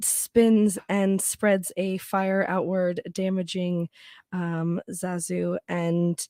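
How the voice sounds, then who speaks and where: A woman playing a character in a comedy tabletop game, describing her moves slowly and dreamily. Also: lowish voice, level tone, dark tone, no room sound, studio quality. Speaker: player. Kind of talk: tabletop game role-play.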